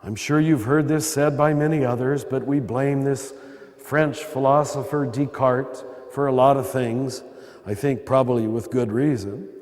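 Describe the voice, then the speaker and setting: A man's voice: mid-range voice, fairly even intonation, measured pace, darkish tone. An older man with an American accent and a throaty voice, giving a conversational spiritual talk with wry asides as a priest. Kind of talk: spiritual talk to a live audience. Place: large cathedral. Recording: long cathedral reverb.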